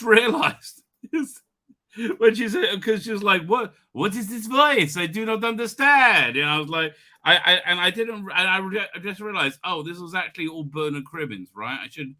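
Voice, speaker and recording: A man's voice: mid-range voice, pushed and bright. A man, rambling tiredly through a casual livestream, full of asides and restarts. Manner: chatty and digressive, with frequent restarts and "right?" asides. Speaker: livestream host.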